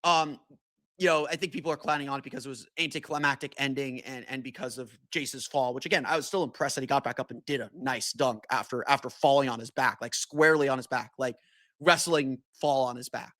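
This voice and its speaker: A man's voice: medium pitch, brisk, a bit bright, no echo. A man hosting a solo sports podcast, talking casually with many restarts and fillers. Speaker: podcast host.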